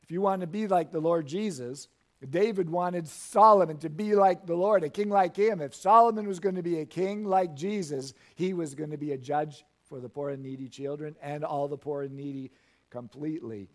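A man's voice: on the high side, moderate pace. A middle-aged male pastor preaching a sermon in a church, reading scripture and making folksy asides with frequent chuckles.

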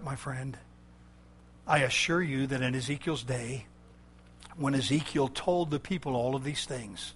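A man preaching an impassioned sermon, swinging from loud shouted declarations to low, intense warnings with a repetitive, emphatic cadence. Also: a little hiss or hum.

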